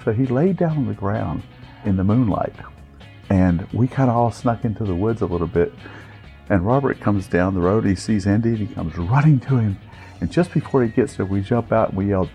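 A middle-aged man tells a personal story with plenty of amusement and animation. His low voice is mellow and warm, with a gravelly edge, and it rises and falls expressively as he acts out the people in the tale. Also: expressive, moderate pace, faint music behind.

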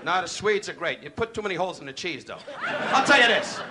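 A man's voice: high voice, very animated, fast, noisy background. A male stand-up comedian, needling the audience in a brash insult comedy set. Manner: brash, needling crowd work with put-on voices. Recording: archival club recording with loud crowd laughter. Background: loud audience laughter.

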